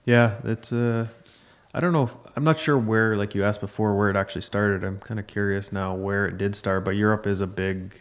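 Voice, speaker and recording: Flat, deep-voiced man, matter-of-fact. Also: fairly quick, clean tone. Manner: matter-of-fact, explains products plainly. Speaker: guest, mouldings manufacturer. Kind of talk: casual podcast interview. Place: manufacturing facility.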